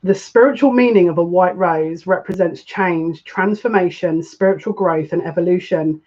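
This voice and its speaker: A woman's voice: lowish voice, moderate pace, a little mellow. A woman doing a live tarot reading, chatting with emotional asides and reading aloud from a card book. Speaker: psychic card reader. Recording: dull lo-fi recording.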